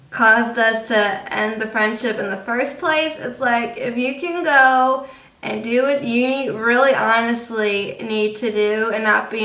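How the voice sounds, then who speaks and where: A woman's voice: on the high side, bright, forceful tone. A young woman vlogging in a casual, rambling way, confiding in viewers with lots of fillers. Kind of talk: casual rambling vlog monologue. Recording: echoey room, distant mic.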